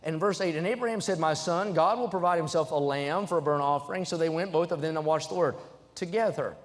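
In a church sanctuary with a long, echoing hall reverb, a young man preaches at a quick pace in a fairly high voice. Scripture readings separate his emphatic points, which swell into loud, fervent peaks.

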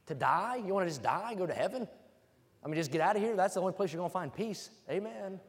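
A man from West Virginia preaching a humorous sermon, joking with the room and calling for amens as he builds to loud, emphatic points. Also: high voice, animated, fast talker. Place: church hall. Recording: reverberant hall.

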